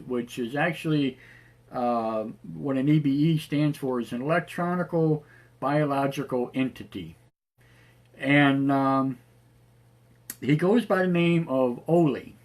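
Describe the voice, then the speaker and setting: Male talk-show host, raspy tonight, loose rambling delivery, mid pitch. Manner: rambling, many fillers and restarts. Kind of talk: casual live-show chat.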